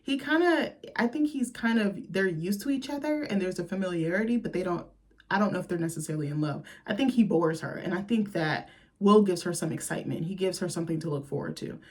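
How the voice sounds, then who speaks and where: A woman's voice: lowish voice, fast, darkish tone. A woman host talking casually and profanely about a movie, chatty and sassy.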